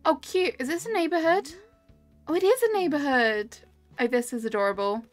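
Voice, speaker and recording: A woman with a high-pitched voice speaks at a moderate pace while live-streaming a tour of game islands, chatting cheerfully and greeting her chat by name. It's casual stream commentary picked up on a webcam with a desk mic, dry and close, with game music in the background.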